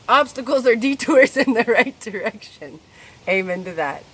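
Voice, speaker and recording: A woman talking candidly in a personal spiritual vlog, confessional and swearing freely, her voice swinging between soft and loud. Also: a little high, lively intonation, moderate pace, a little hiss or hum. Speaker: spiritual vlogger.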